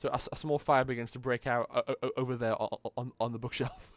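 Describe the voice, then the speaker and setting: A man's voice: medium pitch, level tone, no echo. Stammering man running a tabletop game. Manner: stammering, quick restarts. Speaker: game master.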